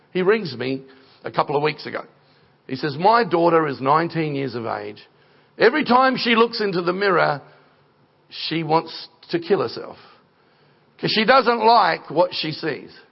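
Gravelly preacher, lo-fi recording. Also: male voice, a little high, animated, moderate pace, long pauses. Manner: conversational, rising to emphatic preaching. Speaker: guest preacher. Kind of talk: sermon with storytelling.

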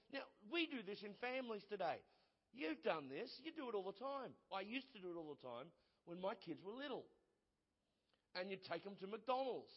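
Emphatic high-voiced male preacher. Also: animated, fairly quick. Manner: emphatic, repeats phrases for effect. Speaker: pastor. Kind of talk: sermon. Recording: dull sound with long hall reverb.

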